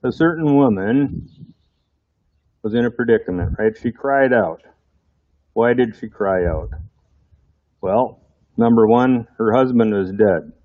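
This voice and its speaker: A man's voice: fairly low pitch, animated, unhurried, long pauses, dry recording, narrow, tinny audio. A man preaching a sermon in a conversational way, often putting rhetorical questions to his congregation.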